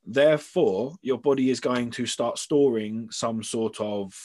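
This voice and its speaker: Male coach type, measured explainer, medium voice. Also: mid-range voice, darkish tone. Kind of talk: casual chat.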